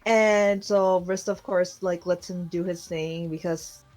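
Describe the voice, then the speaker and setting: A woman's voice: fairly low pitch, steady tone, unhurried, darkish tone, soft background music. A young woman co-hosting a podcast, casually retelling an anime episode in a loose, chatty way full of fillers. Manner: chatty, loose storytelling with many fillers and laughs. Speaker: podcast co-host. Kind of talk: casual chat recapping an anime.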